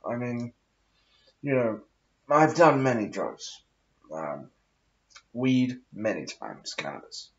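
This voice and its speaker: Male vlogger, affected posh drawl, lively swooping pitch, sweary and meandering; muffled lo-fi recording. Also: slow, long pauses. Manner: affected posh aristocratic put-on voice. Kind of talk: rambling casual monologue.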